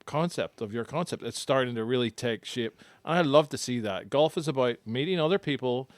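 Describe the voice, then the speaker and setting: A man who co-hosts a podcast and coaches golf, explaining his drill step by step in a relaxed chat. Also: medium pitch, brisk, dry recording, clean studio sound.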